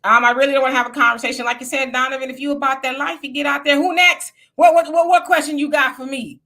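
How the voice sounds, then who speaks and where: Bright, high-voiced blunt woman commentator. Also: fairly even intonation, fast. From California. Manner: blunt, colloquial, opinionated. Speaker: political commentator guest. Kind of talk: casual live-stream commentary.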